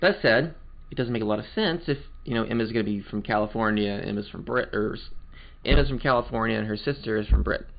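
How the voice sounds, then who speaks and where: A man's voice: lowish voice, fast talker, creaky. A man playing and voicing a game, chatting in a loose, joking way. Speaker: let's play host voicing the game. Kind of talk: casual game commentary and voicing. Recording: muffled, game music behind.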